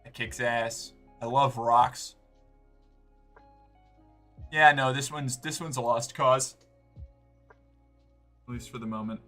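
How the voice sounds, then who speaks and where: A man's voice: medium pitch, fairly even intonation, takes it slowly, pauses often, a bit bright, soft background music. A man streaming live, chatting casually and rambling, often restarting and swearing. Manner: rambling, self-interrupting, swears.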